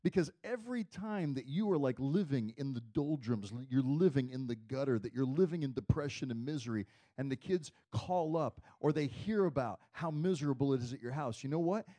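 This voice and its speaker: A man preaching a sermon in a conversational, storytelling way, dropping to a hush and then rising to loud emphasis. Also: mid-range voice, expressive, a little fast, few pauses.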